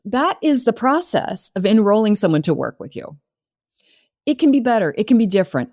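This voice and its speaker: A woman's voice: medium pitch, very animated, fairly quick, darkish tone. A middle-aged woman coaching on sales, talking in an earnest, conversational way with many fillers and restarts. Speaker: business coach. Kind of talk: solo podcast talk.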